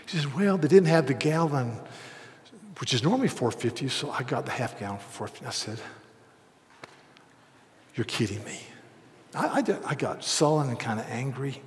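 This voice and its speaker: A man in his sixties preaching a sermon, telling a self-deprecating story, dropping to hushed asides and rising to loud, emphatic peaks. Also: medium pitch, expressive, moderate pace, pauses often. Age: 60s. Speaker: pastor. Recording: long hall reverb.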